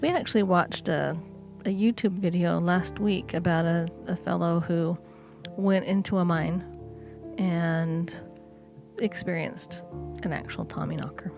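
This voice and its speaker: A woman with a slightly low voice chats easily on a podcast, wandering into side remarks and poking fun at herself. Soft guitar music plays faintly underneath. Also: fairly even intonation, a little slow, gravelly. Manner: chatty, self-deprecating, digresses easily. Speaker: podcast co-host. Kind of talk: casual paranormal podcast chat.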